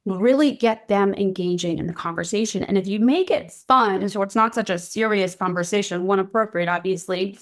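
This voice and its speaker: A woman speaks alone on her podcast, coaching parents in an earnest, encouraging way. Her voice sits at an ordinary middle pitch, and she keeps checking in with her listeners as she explains. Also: normal speed, few pauses. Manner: earnest, coaching, often checks in with "right?" and "okay?". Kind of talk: solo podcast talk.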